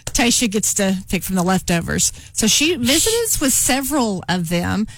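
A woman's voice: medium pitch, very animated, moderate pace, no echo. A middle-aged woman co-hosting a talk show, chatting and retelling a TV episode with frequent laughs. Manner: chatty storyteller, laughs often. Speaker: radio show co-host. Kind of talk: casual chat, recapping a TV show.

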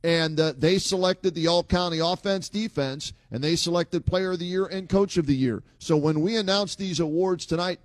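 A man's voice: fairly high pitch, moderate pace, hardly any pauses, no room sound. A man from hosting a sports radio talk show, easygoing and casual, with frequent "uh" fillers.

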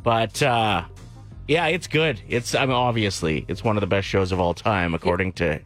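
A man's voice: fairly low pitch, normal speed, a bit bright, faint music behind. Easygoing radio co-host man. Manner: joking, easygoing, laughs often. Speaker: radio morning show co-host. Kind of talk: casual on-air banter. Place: radio studio. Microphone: studio microphone.

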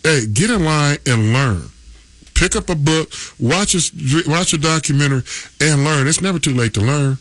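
A man's voice: on the high side, expressive, moderate pace, no room sound. A man on sports radio telling a locker-room story, laughing often and acting out his teammates' lines. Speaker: radio guest.

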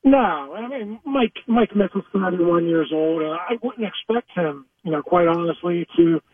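Husky man on a tinny phone line. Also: high voice, lively intonation, dry recording. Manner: measured, hesitant with fillers. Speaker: newspaper sports reporter, guest. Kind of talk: casual radio interview.

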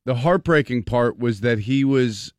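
Male radio co-host with an earnest, halting delivery and restarts, close dry studio mic. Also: medium pitch, clean tone, no room sound. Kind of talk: casual morning radio banter. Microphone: studio microphone.

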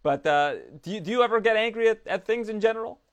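A man's voice: high-pitched, lively intonation, fast talker. A man interviewing a fighter, friendly and chatty. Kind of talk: interview questions.

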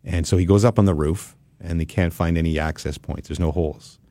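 A man hosting a podcast who tells a story in a casual, animated way and laughs often. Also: low voice, fairly quick, dry recording, studio quality. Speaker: podcast host.

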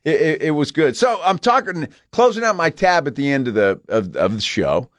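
A man's voice: fairly high pitch, very animated, normal speed, no room sound. A man hosting a casual sports talk show, an enthusiastic storyteller chatting with his co-host in a studio. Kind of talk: casual radio chat. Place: broadcast studio.

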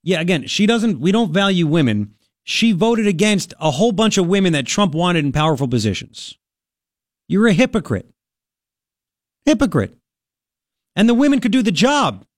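A man hosting a political talk radio show, combative and sarcastic, talking fast and loose with frequent asides. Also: sits high, sing-song, no room sound, studio quality.

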